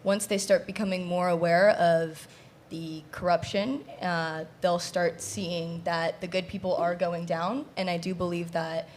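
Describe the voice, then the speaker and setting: A woman on a podcast panel speaking earnestly, filling pauses with "you know". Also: on the low side, steady tone, a little mellow, slight background noise. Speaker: panel guest. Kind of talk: casual panel discussion.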